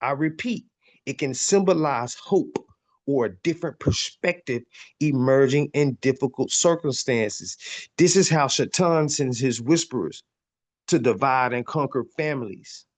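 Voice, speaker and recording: A man's voice: medium pitch, animated, measured pace. Preachy man repeating himself for emphasis. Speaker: podcast host. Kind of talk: spiritual teaching monologue, reading and commenting.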